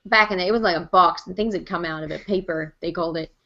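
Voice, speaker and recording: Bright chatty woman on a call. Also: fairly low pitch, lo-fi sound. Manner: chatty, animated storyteller, quick laughs. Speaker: voice actor and host. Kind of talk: casual interview chat.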